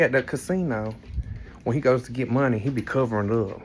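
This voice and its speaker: A man's voice: medium pitch, a little fast, a little mellow, slightly rough. A man, chatting casually to his viewers in a rambling, storytelling way with playful teasing asides. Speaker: vlogger. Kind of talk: casual chat to camera.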